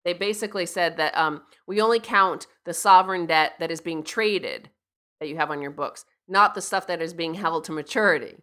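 A woman's voice: fairly low pitch, normal speed, sharp tone. A woman co-hosting a talk radio show, making earnest, insistent points with frequent restarts. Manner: earnest, insistent, repeats herself. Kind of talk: casual talk radio commentary. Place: radio studio.

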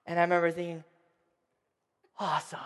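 A man in his thirties telling a personal story to a live audience in a playful, animated way, asking the crowd questions as he goes. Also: high-pitched, moderate pace. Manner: playful, addresses the crowd directly. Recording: long hall reverb.

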